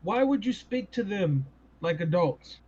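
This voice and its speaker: A man hosting a podcast in casual chat, animated and full of rhetorical questions. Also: high-pitched, measured pace. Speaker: podcast host. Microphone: podcast mic. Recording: dull lo-fi sound.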